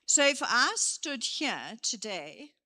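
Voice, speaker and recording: A woman giving a motivational career day talk in a church hall, lively and full of acted examples. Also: on the high side, slow pace. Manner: lively, gives acted examples, moves around.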